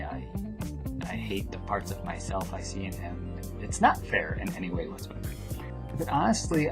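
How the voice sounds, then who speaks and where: Young guy vlogging, rambly and animated, voice jumps around, music going under him. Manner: quiet, low reading of the poem, dropping to a whisper at line ends. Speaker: vlogger and poet. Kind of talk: poem reading then casual storytelling vlog. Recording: music playing behind the voice.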